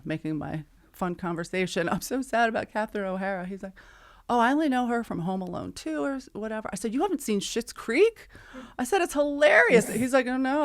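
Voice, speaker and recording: In casual podcast banter, a middle-aged female co-host tells a story, acting out texts and conversations and laughing frequently. Her voice is mid-range and smooth.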